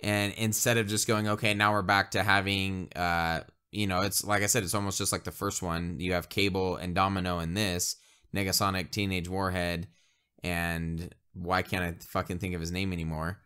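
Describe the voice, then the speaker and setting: A man's voice: sits low, flat delivery, normal speed, sharp tone, clean tone. A man co-hosting a casual, spoilery movie review. He rambles, often restarts his sentences and laughs a lot.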